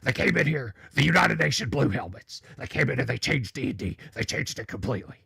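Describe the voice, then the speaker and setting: Guy putting on a loud paranoid radio conspiracy ranter, gravelly, warning everyone. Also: mid-range voice, expressive, brisk, no room sound, studio quality, exaggerated voice. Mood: ranting. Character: shouting middle-aged male conspiracy radio ranter.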